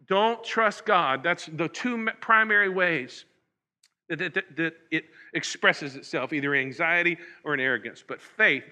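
A man's voice: sits high, sharp tone. A man preaching a sermon, reading scripture and explaining it with casual asides. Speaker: pastor.

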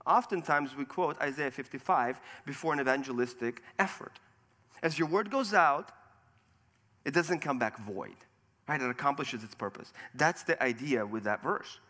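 A man preaches verse by verse through scripture, asking rhetorical questions as he goes. His voice is medium-pitched and sharp at a moderate pace, and the recording carries a long hall reverb.

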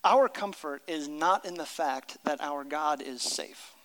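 Middle-aged male pastor, high bright voice, emphatic sermon delivery, long church reverb. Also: unhurried. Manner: emphatic, reads story aloud with character voices.

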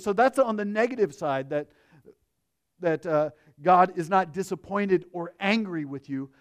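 A man preaching with a high voice and an unhurried pace. He is earnest and swings between hushed, reflective phrases and emphatic lines. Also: expressive. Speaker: pastor. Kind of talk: sermon.

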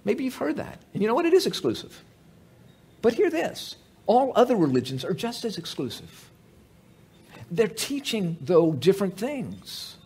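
A man with a high, husky voice preaches a conversational sermon, his pitch leaping around animatedly. He restarts sentences often and throws in humorous asides to the gathering. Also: wildly swooping pitch, normal speed, a little mellow. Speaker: pastor.

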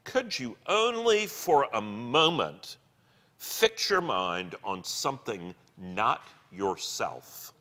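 A man voicing a calm, patient male spirit guide who speaks slowly and earnestly. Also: heavily acted. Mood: gentle earnest. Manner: slow, low, earnest. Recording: long hall reverb.

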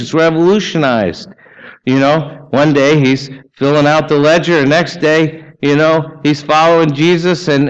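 Pastor preaching, conversational and dull-sounding. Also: male voice, on the high side. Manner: conversational preaching with asides and rhetorical questions. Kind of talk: sermon. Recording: dull lo-fi sermon recording.

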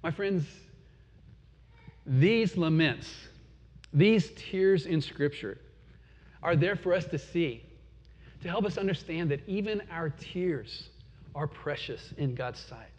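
Speaking slowly and animatedly with long pauses, a pastor in his forties preaches in a higher-pitched voice, his earnest delivery surging and falling back. The recording is dull and drenched in long hall reverb.

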